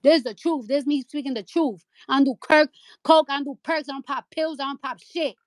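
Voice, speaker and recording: New woman going off on a live chat, high voice, repeats herself, dry phone mic. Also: brisk, dry recording. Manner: heated, profane, repeats lines for emphasis. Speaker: rapper hosting a live audio chat room. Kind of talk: angry live-stream rant.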